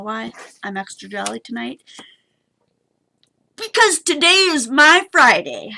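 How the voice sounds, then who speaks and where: A woman's voice: high voice, very animated, measured pace, vocal fry, bright, forceful tone. A woman hosting a live papercraft stream, chatty and bubbly as she demonstrates and talks to her viewers. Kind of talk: casual craft demonstration.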